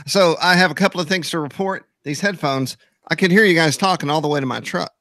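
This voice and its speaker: A man's voice: on the high side, fast talker, fairly bright tone, no room sound, clean studio sound. A middle-aged man co-hosting a casual hobby chat, joking and rambling through stories. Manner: jokey, rambling storyteller. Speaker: co-host.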